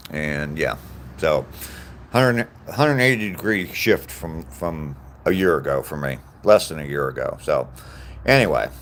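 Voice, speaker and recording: Deep-voiced guy in his 60s live streaming on a walk, talks loose with lots of ums, faint outdoor hum behind. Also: lively intonation, a little slow, fairly bright tone. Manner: rambling, frequent ums, greets viewers by name. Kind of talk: casual live-stream chat reading comments. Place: outdoors on a walking trail.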